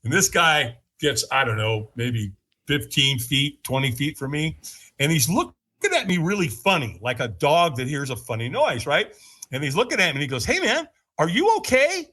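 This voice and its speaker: With a sharp tone and a breathy edge, a man appearing as a podcast guest recounts his story at a moderate pace. He's animated, laughs frequently, and voices the quotes he acts out in a higher register.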